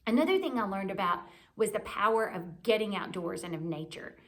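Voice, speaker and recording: A woman in her forties giving a candid, reflective devotional talk for a church, gently encouraging her listeners. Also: mid-range voice, animated, a little fast. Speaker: church speaker.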